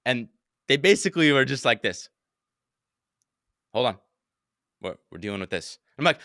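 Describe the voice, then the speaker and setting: Bright, dry-voiced young man telling a story. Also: medium pitch, moderate pace, pauses often, no echo. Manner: animated, swears often, acts out his own panicked quotes. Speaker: podcast host telling a story. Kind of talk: casual storytelling chat.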